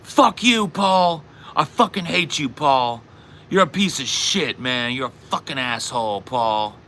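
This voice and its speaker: A man putting on a sloppy-drunk man who shouts, swinging between gushing love and raging insults. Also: on the high side, big pitch swings, extremely slow, gravelly, slight background noise, pitched above the performer's own voice, full character voice. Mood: drunkenly hostile.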